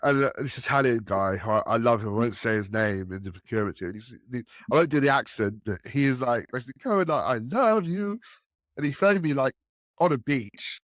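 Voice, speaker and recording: He talks fast, narrating enterprise sales stories in a casual podcast and animatedly acting out quotes by raising his pitch. The recording is dry, with clean studio sound.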